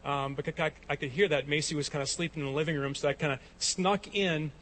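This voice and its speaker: A man's voice: a little high, fairly even intonation, fast talker, a bit bright, a little hiss or hum. A man in his forties preaching a sermon as a pastor, telling stories and rising to emphatic peaks. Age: 40s.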